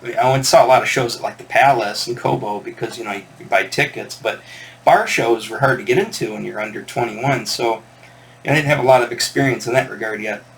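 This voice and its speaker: A man's voice: medium pitch, fast, gravelly. A man hosting a record collector channel, telling a rambling, digressive story in casual chat to camera.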